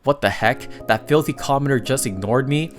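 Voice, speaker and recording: A man's voice: mid-range voice, normal speed, soft background music, lightly acted. A man voicing a cocky, arrogant noble girl student, reading her lines with a sneer. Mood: scornful.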